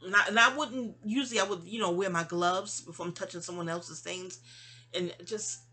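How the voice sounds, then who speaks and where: A woman's voice: fairly low pitch, steady tone, brisk, sharp tone, husky. A woman hosting her own channel, venting in a casual, rambling monologue full of restarts and trailing asides. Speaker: channel host.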